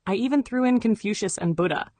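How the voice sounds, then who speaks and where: A woman reading memoir narration in an even, measured way. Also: medium pitch, no room sound. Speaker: audiobook narrator.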